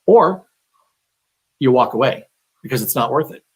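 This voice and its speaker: A man's voice: mid-range voice, expressive, moderate pace, slightly rough. A man working as a real estate agent, giving casual advice on a live stream, talking conversationally with many fillers and restarts.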